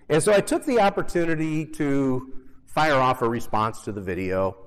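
A man's voice: medium pitch, expressive, normal speed, smooth, in a large hall. A male pastor preaching a conversational sermon with self-deprecating humor and emphatic repetition.

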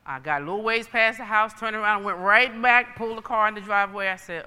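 A woman's voice: mid-range voice, brisk, pushed and bright, smooth, in a large hall. A woman preacher giving a sermon with personal testimony, emphatic and folksy in her storytelling.

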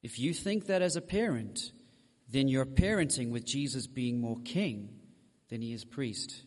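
A man's voice: medium pitch, lively intonation, unhurried, darkish tone, big-room sound. A man preaching a sermon, speaking straight to his congregation with frank asides. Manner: direct, addresses the congregation with asides.

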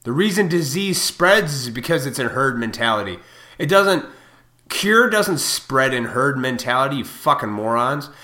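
A man in his thirties delivering a profane, heated rant to camera, swinging between loud outbursts and quieter reflective stretches. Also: mid-range voice, lively intonation, normal speed. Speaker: vlogger. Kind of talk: profane ranting monologue. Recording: echoey room.

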